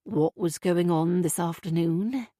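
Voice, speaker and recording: A woman reading an audiobook, voicing a patient middle-aged father who speaks gently. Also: lowish voice, unhurried, no room sound, studio quality, natural voice.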